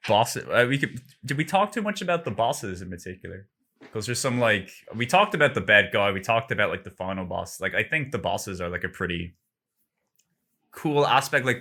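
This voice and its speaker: A man's voice: fairly low pitch, pushed and bright. A man chatting casually on a gaming podcast, rambling and filling his talk with "like". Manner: rambling, heavy use of "like". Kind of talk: casual chat.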